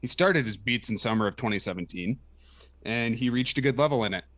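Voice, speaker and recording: A man's voice: mid-range voice, brisk, a bit bright. A man co-hosting a live movie podcast, reading a listener email aloud in a dry, amused way. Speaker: podcast co-host. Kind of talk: casual live podcast banter.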